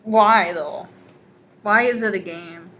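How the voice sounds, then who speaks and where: A young woman from the Midwest co-hosting a podcast, making dry, deadpan jokes in casual chat. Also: medium pitch, takes it slowly, a little hiss or hum. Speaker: podcast co-host.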